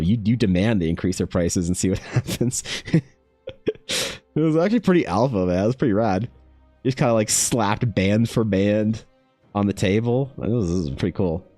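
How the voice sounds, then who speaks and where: A man chatting casually while he draws, telling loose, rambling stories full of "like", "bro" and swearing. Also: no room sound. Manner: slides into animated high-pitched voices for quoted people. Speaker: artist streaming while drawing.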